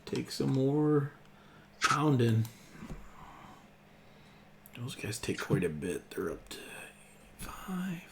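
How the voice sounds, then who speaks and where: A man's voice: medium pitch, very animated, slow pace, vocal fry, pauses often, background noise. Easygoing man running a tabletop game. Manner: casual, laughs often, thinks aloud while tallying rolls. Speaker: game master.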